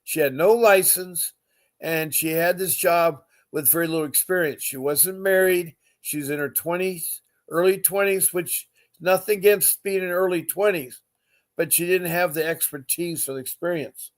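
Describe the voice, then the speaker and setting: A man's voice: on the high side, moderate pace. A man hosting a live podcast, talking earnestly and emotionally, often repeating himself and greeting viewers. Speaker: podcast host.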